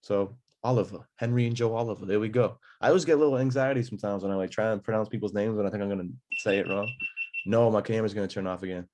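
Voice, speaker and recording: A man's voice: fairly low pitch, rapid-fire, background noise. A young man hosting a podcast, chatting in a laid-back, slangy, joking way. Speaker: podcast host. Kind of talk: casual chat.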